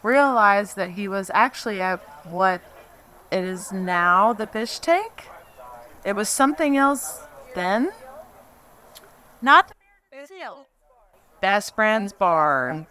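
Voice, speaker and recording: Female eulogist, bright, forward voice, nervous and emotional, off-the-cuff memorial anecdote. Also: medium pitch, animated. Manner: halting, emotional, laughs through her story. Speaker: friend giving a eulogy. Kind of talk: memorial speech, personal anecdote. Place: memorial gathering.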